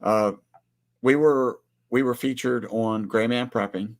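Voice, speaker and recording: A man's voice: medium pitch, steady tone, measured pace. A man in his forties co-hosting a casual livestream, speaking earnestly and greeting viewers by name. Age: 40s. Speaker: livestream co-host.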